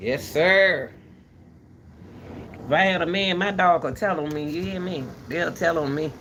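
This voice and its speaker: A woman hosting a casual rambling chat, animated and talkative, turning between her dogs and her viewers. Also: lowish voice, a little fast, a little hiss or hum. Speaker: commentary channel host.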